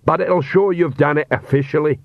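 A man voicing a big, dim, cheerful male troll guard who talks in a slow, plodding, earnest way. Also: fairly high pitch, vocal fry, dry recording, voice pushed up. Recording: dull, dry audiobook recording.

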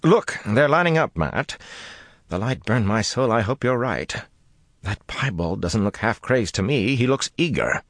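A man's voice: on the low side, big pitch swings, a little slow, no echo, clean studio sound, pitched above the performer's own voice, exaggerated voice. A man voicing an anxious young nobleman who frets over a wager, in an audiobook. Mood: excited. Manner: fretful, complaining.

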